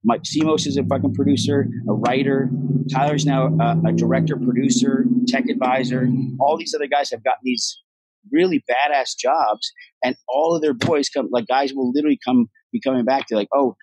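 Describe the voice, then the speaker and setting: Profane, animated man telling stories, husky. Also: mid-range voice, fairly quick, rough recording. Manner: profane, animated storyteller acting out quotes. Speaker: actor guest. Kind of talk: casual interview chat.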